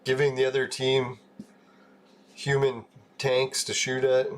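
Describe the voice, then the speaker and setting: A man's voice: medium pitch, completely flat delivery, slow. A man hosting a live game stream, chatting casually with viewers, chuckling often and swearing offhandedly. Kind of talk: casual live-stream chat while gaming.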